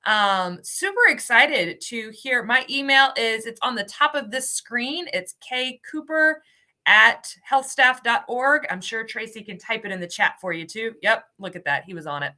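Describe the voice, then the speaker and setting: A woman hosts a live webinar in a bright, somewhat high voice. She sounds upbeat and cheery, and she cheerfully admits it when she stumbles over hard names. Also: lively intonation, moderate pace. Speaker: host, ESL program coordinator.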